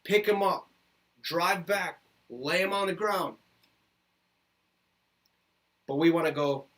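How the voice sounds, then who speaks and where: A young man from Minnesota rants about football on his podcast with a fairly high voice. He is heated and profane and hammers the same points over and over. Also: steady tone, a little slow, fairly bright tone. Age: 20s. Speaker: podcast host. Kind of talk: ranting sports commentary.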